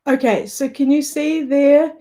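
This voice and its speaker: A woman's voice: high voice, fairly even intonation, measured pace, warm tone. A woman with a New Zealand accent hosting a craft livestream, chatting casually with viewers and laughing easily. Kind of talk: casual live chat while crafting.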